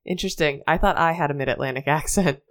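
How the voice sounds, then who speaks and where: A woman's voice: deep voice, fast. Chatty woman, laughing easily. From Washington, D.C. area. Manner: chatty, laughs often, many "like" fillers. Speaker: podcast co-host. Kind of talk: casual movie discussion.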